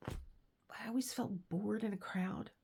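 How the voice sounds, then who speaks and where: A woman's voice: mid-range voice, slow, vocal fry, dark tone, husky. A woman vlogger in casual chat, rambling and laughing as she reads aloud and tells stories. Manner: rambling, chatty, laughs often. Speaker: crafting vlogger.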